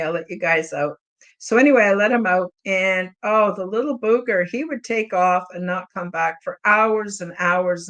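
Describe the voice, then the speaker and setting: A woman with a fairly low, fairly bright voice hosts a podcast live chat. She tells a personal story in a casual, rambling and openly emotional way, heartfelt and full of "you know" fillers.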